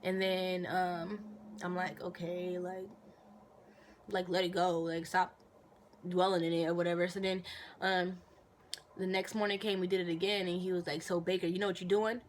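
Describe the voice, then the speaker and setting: A young woman talking casually into her phone for a Q&A vlog, telling stories with animated, indignant bursts and lots of fillers. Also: on the low side, normal speed, pauses often, slight background noise. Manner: animated storytelling, indignant outbursts, many fillers. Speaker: vlogger answering viewer questions.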